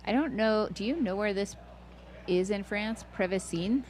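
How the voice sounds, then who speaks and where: A woman's voice: medium pitch, moderate pace, darkish tone. A woman commentating live on a mountain ultramarathon livestream, chatty and playful, sometimes correcting herself.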